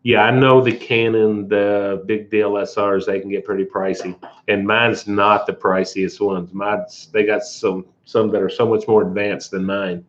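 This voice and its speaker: A man hosting a casual livestream in a relaxed way, reading viewer comments aloud and answering them. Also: lowish voice, a little slow. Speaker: livestream host. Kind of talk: casual live chat. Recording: dull lo-fi livestream audio.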